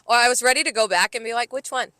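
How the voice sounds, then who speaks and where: Bright, exasperated woman server. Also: on the high side, no echo, studio quality. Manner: quick, exasperated, mimics customers, swears. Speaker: podcast co-host, restaurant server. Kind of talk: casual chat.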